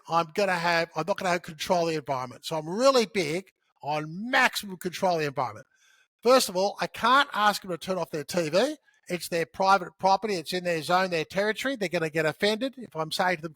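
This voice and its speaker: A high-pitched man speaks as a podcast guest, explaining his approach in a lively, conversational way. He often acts out short bits of dialogue. The recording is close and dry, with no room echo. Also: a little fast. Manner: animated storyteller who acts out dialogue. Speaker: podcast guest, sales author. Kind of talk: conversational teaching.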